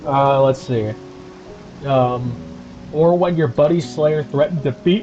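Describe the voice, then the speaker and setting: A man's voice: mid-range voice, takes it slowly, mellow, muffled recording, faint music behind. Angry profane man ranting on stream.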